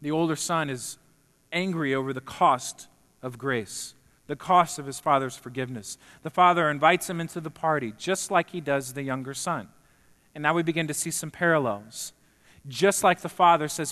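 Pastor preaching a sermon, earnest and emphatic, slightly high voice, long hall reverb. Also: male voice, moderate pace, sharp tone. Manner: earnest, building to emphatic peaks.

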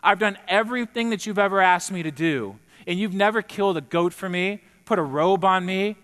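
Sermon retelling: preacher playing a resentful older brother, indignant and loud, raised voice, long hall reverb. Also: male voice, sits high, a little fast, pitched above the performer's own voice. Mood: aggrieved. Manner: indignant, aggrieved complaining.

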